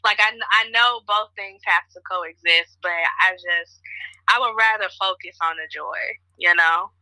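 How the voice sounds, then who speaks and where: Woman from Chicago, podcast host, casual storyteller, bright tone. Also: mid-range voice, a little slow, no room sound, rough recording. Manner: chatty, storytelling, frequent fillers. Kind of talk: casual conversation.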